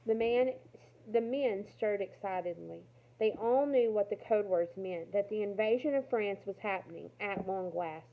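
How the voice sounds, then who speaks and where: A woman's voice: medium pitch, unhurried. Woman reading a novel aloud over a phone line. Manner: steady reading with brief asides. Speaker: reader. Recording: tinny phone-like sound.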